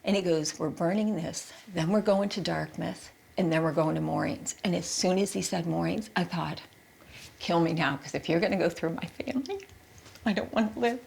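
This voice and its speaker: Gravelly-voiced woman recounting a trauma. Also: lowish voice, a little mellow. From Canada. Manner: halting, repeats words, quotes her own thoughts. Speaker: interviewee recounting her experience. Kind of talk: emotional interview testimony.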